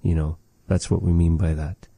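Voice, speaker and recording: A man giving a relaxed spoken language lesson, measured and thoughtful, with many pauses and fillers. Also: deep voice, gravelly, breathy edge, no echo. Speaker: language teacher.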